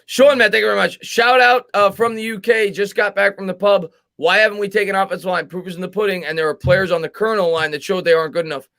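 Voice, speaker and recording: A man with a bright, forceful voice and a slightly raised pitch hosts a live football talk show. He reads viewer comments aloud and answers them in quick, emphatic bursts, stuttering and repeating words as he presses his point. The sound is dry and close. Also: steady tone, vocal fry, no room sound. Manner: fast, emphatic, repeats words when arguing. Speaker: sports podcast host. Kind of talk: live sports chat reading viewer comments.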